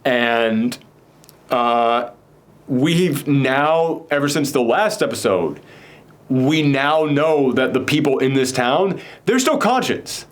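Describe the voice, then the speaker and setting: A man's voice: medium pitch, lively intonation. A man casually recapping a TV episode with a co-host, rambling with many fillers. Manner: rambling, filler-heavy, quick mock voices for characters. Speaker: podcast co-host.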